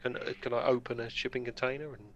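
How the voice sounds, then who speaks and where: A man's voice: medium pitch, little pitch movement, quick pace, muffled recording. A man playing a tabletop game, asking curious questions in a casual way. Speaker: player.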